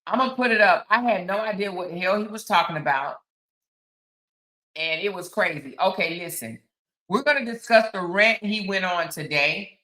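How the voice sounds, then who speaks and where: Reading viewer comments aloud and talking directly to her audience, a woman in her 50s runs a laid-back live stream from the outskirts of Houston, Texas. She speaks at a normal speed in a lowish, sharp voice, and the sound is roomy.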